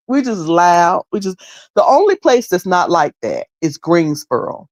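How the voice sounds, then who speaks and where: Animated middle-aged Southern woman chatting. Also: lowish voice, a little slow, no room sound, clean studio sound. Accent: Southern US, North Carolina. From High Point, North Carolina. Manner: animated, repeats phrases, often mimics other people. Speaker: livestream host. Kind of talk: casual chat to viewers.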